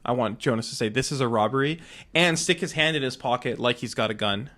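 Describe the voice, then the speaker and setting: Dude player at a tabletop game, chill, deadpan, mid voice. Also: male voice, medium pitch, fast talker. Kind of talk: casual tabletop play.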